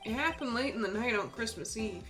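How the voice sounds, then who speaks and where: A woman's voice: a little high, animated, fairly quick, close to an everyday voice. A woman voicing an earnest young male defense lawyer in a plain, questioning way, with faint game music behind.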